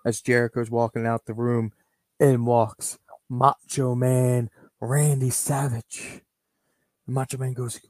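A man's voice: medium pitch, little pitch movement, slow pace, no room sound. A man hosting a podcast, narrating a toy wrestling show play by play and calling out names like a ring announcer. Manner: announcer-style, calls wrestlers' names loudly. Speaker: podcast host.

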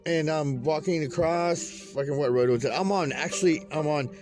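A man from California's Central Valley with a high voice tells a rambling story packed with swearing. He laughs at his own tale as he goes. Faint music plays under him. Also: normal speed, a little mellow. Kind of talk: casual profane storytelling monologue.

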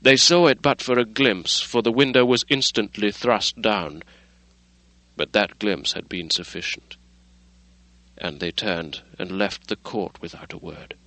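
A man reading a classic novel aloud as audiobook narrator, measured and steady. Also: on the low side, dry recording, poor audio.

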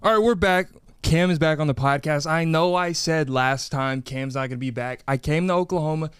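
Young male podcast host, slightly high, smooth voice; upbeat, chatty storyteller. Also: a little fast, no echo, studio quality. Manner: energetic, storytelling. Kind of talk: casual podcast chat. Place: podcast studio.

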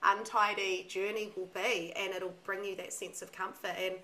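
A woman's voice: mid-range voice, flat delivery, normal speed, pushed and bright, slight background noise, poor audio. A young woman in a casual podcast chat, talking candidly and emphatically and swearing freely.

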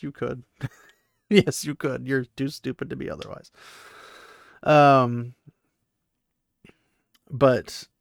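A man's voice: mid-range voice, gravelly, fairly bright tone, no echo, studio quality. A young man giving a casual, chatty chapter recap with laughing asides and lots of fillers. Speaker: book recap vlogger.

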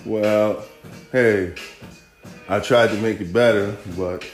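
A man doing an impression of a reserved rap mogul who speaks in low, sparse, mumbled words. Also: fairly even intonation, takes it slowly. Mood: laconic. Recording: echoey room, faint music.

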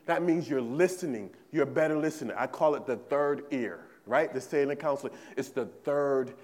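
A man's voice: medium pitch, moderate pace, darkish tone, big-room sound. A male pastor preaching a sermon in a church, emphatic and repetitive, often checking in with the congregation. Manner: emphatic preaching, repeats phrases, asks "right?" often. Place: church sanctuary.

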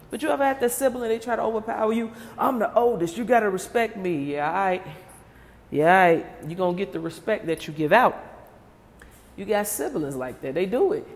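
A woman's voice: mid-range voice, darkish tone, long reverb tail. A woman talking straight to her viewers in a casual, comedic rant, firing off rhetorical questions and laughing often. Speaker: vlogger.

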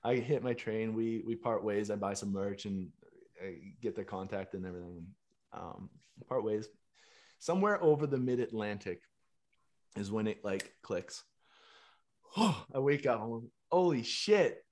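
Man, 30s, lowish voice, animated swearing storyteller. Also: a little slow, long pauses. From Canada. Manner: animated, laughing, swears freely. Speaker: musician and fitness coach. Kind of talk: casual storytelling monologue.

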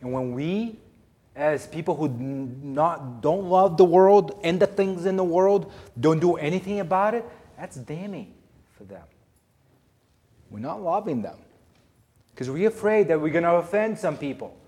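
A man preaching a sermon, emphatic, swinging between loud declarations and hushed asides. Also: on the high side, expressive, measured pace, slightly rough. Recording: long hall reverb.

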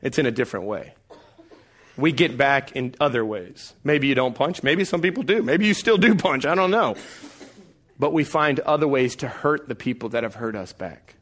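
A man in his thirties preaching a sermon, telling family stories with animated delivery and acted-out voices. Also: medium pitch, normal speed. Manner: animated storytelling, acts out voices. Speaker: pastor.

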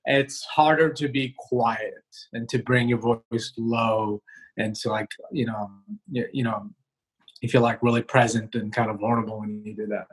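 A male comedian talking casually in an interview over a video call, relaxed and rambling with many fillers and restarts. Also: mid-range voice, moderate pace, breathy edge, rough recording. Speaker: comedian guest. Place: home, remote video call.

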